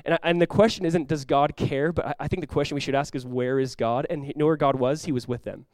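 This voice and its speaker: A male pastor delivers a lively sermon, jumping into acted-out lines and loud exclamations. His voice sits a bit high for a man. The sound is dry and close, with no room echo. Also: quick pace. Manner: animated preaching, acting out dialogue with sudden loud outbursts.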